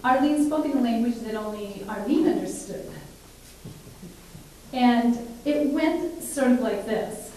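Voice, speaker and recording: A woman casually telling a story from her work at a care home, chatty and halting with many fillers. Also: on the high side, animated, dark tone. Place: live performance space. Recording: echoey, distant room recording with hiss.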